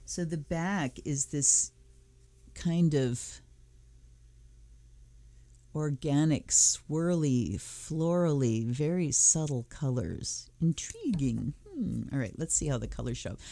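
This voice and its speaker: A woman's voice: deep voice, lively intonation, slow, mellow, no room sound. A woman hosting a tarot channel, thinking aloud in a casual, musing way as she unboxes and looks through a deck. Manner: musing, thinking aloud while flipping cards. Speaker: tarot reader and channel host.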